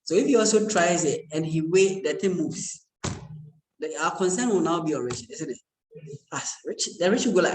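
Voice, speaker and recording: There's background noise in the echoey lecture room where a man with a slightly high voice and lively intonation lectures briskly. His university class gets a conversational, joking delivery with repeated check-ins with students.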